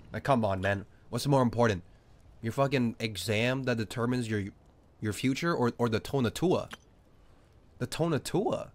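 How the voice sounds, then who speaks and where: A young man from Australia chatting with viewers on a live stream in a loud, animated, crude joking way. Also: mid-range voice.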